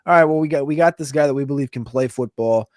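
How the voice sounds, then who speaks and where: A man's voice: mid-range voice, darkish tone, no room sound. Man talking football with a dry close sound. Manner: thinking aloud, with hedging fillers and drawn-out pauses. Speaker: fantasy football podcast co-host. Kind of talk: casual sports chat.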